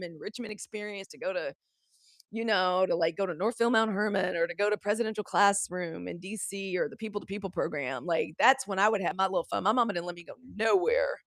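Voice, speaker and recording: A woman's voice: a little high, dry recording. Candid middle-aged mississippi woman riffing on the news, salty language, dry close mic. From Southern Mississippi, US. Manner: candid, animated, profane, talks straight to the audience. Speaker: host of a live news commentary show. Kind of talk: casual live commentary.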